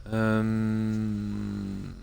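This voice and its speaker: A man streaming a video game from home, chatting softly and unhurriedly with viewers about the game and his pets. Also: on the low side, creaky, noisy background. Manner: soft-spoken, talks quietly so sleeping dogs stay asleep; relaxed and unhurried, with fillers. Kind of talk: casual gameplay commentary. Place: home room.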